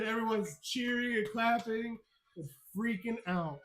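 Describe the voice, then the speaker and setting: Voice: medium pitch, moderate pace, rough recording. A game master narrating a tabletop game on a live stream, laughing often and telling the story with energy.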